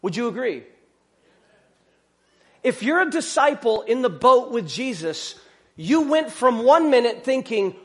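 A pastor preaching a sermon in a conversational way, full of rhetorical questions and joking asides. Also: male voice, very high-pitched, sing-song, unhurried, long pauses, fairly bright tone.

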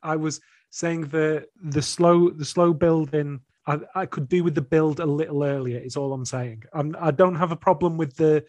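Man with a slightly high voice, stammery, careful co-host, dry close recording. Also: fairly even intonation, normal speed, a little mellow, no room sound. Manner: hesitant, repeats words, defends his points. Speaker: podcast co-host. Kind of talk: casual chat reviewing an album.

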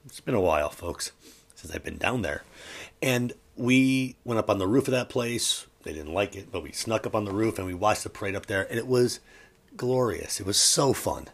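A man with a very deep, low-pitched voice hosts his own podcast in an easygoing solo chat. He is middle-aged and rambles, often stopping to correct a detail mid-sentence. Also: animated, normal speed, creaky. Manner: rambling, self-correcting, chatty. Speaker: podcast host.

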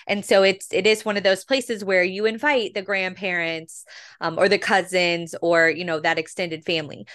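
A woman in her thirties co-hosting a podcast in casual chat, chatty and quick to laugh, with frequent fillers. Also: fairly low pitch, a bit bright. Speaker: podcast co-host.

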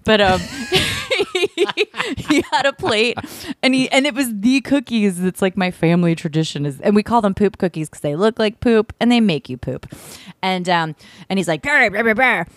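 A woman co-hosting a podcast, telling rambling, animated stories in casual chat with lots of fillers. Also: medium pitch, moderate pace, no echo, studio quality. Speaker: podcast co-host.

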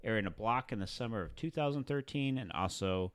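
A man's voice: fairly low pitch, expressive, fairly quick, smooth, no room sound. A man co-hosting a casual chat, reading out notes with dry joking asides. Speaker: podcast co-host.

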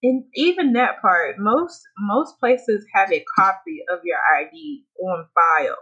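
A woman's voice: medium pitch, very animated, unhurried, pushed and bright, breathy edge. A woman in casual chat, reacting with blunt, profane commentary. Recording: dull lo-fi sound.

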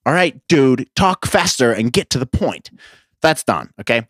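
A man's voice: medium pitch, sing-song, moderate pace, no echo, studio quality. A young man hosting a podcast, ranting in a profane, sarcastic, rambling way. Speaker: podcast host. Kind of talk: casual podcast rant.

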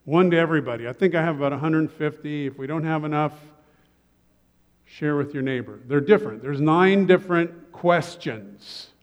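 A male pastor giving a sermon to his congregation, relaxed and joking in asides. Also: a little high, normal speed, long reverb tail, muffled recording. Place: church sanctuary.

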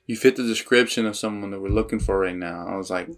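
A young man with a lowish voice tells stories in a loose, profane podcast chat. He is slangy and grows animated when he quotes people. The conversation is unhurried and informal. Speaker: podcast co-host.

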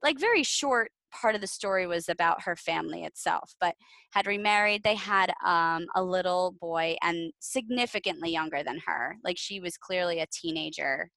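A woman's voice: on the low side, normal speed, creaky, fairly bright tone, no echo, poor audio. A woman co-hosting a podcast in casual chat, rambling, with lots of fillers. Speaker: podcast co-host.

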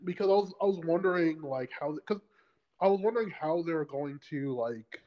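A man's voice: on the high side, lively intonation, brisk, highs cut off. A man co-hosting a podcast in casual chat, rambling with many fillers and restarts. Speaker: podcast co-host.

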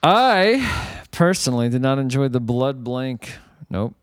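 Animated joking male podcast host. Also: medium pitch, a little slow, no room sound, clean studio sound. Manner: jokey, animated, laughs often. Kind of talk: casual movie review chat.

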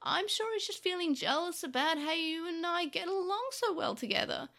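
A woman's voice: very high voice, expressive, moderate pace, fairly bright tone, voice pushed up, full character voice. A woman voicing a sly, mocking male devil creature with a falsely sweet, sneering manner in a storybook reading. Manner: sneering, faux-innocent.

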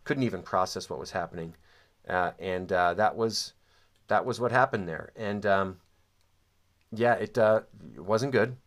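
A man's voice: lowish voice, unhurried, a bit bright. A man casually recounting a childhood memory, hesitant with frequent ums and restarts, and prone to dry, wry asides. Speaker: storyteller. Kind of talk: casual spoken recollection of childhood.

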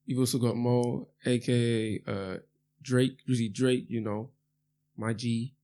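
A man's voice: mid-range voice, fairly even intonation, a little slow, warm tone. A young man introducing friends in a laid-back, joking way during casual chat. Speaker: podcast co-host.

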